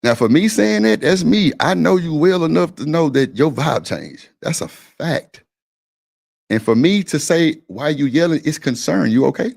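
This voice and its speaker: Guy with a gravelly voice going off on a stream, blunt and repetitive, cussing a lot. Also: fairly high pitch, sing-song, moderate pace, darkish tone. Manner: blunt, insistent, repeats himself, swears freely. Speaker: stream panel host. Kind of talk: heated argument on a live stream.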